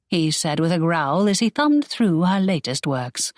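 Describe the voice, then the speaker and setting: Expressive woman narrating an audiobook. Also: lowish voice, a little slow, hardly any pauses, no room sound, studio quality. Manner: expressive storytelling.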